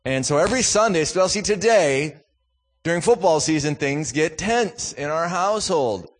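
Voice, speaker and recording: A Minnesota man in his thirties or forties, a guest speaker from a youth ministry, delivers a sermon in a church. His voice is a little high with lively intonation at normal speed, and he blends joking, self-deprecating family stories with fervent preaching.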